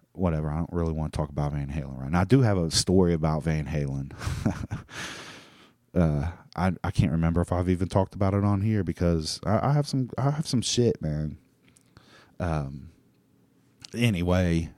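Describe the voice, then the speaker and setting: A man's voice: low voice, mellow, no echo, studio quality. A man hosting a solo talk show, rambling in a loose, profane monologue full of restarts and fillers. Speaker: podcast host.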